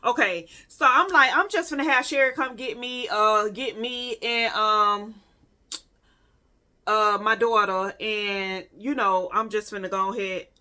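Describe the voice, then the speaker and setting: Bright-voiced woman telling a storytime. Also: mid-range voice. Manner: animated, profane, addresses viewers directly. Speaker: vlogger. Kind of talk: casual storytime monologue.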